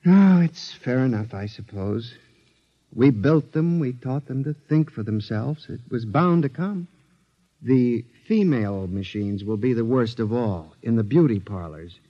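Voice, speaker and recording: An actor playing a paranoid male engineer convinced machines are alive, pleading and then shouting in a 1950s radio drama. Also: medium pitch, expressive, a little slow. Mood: earnest conviction. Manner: pleading, rising to frantic shouts. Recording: dull old radio recording.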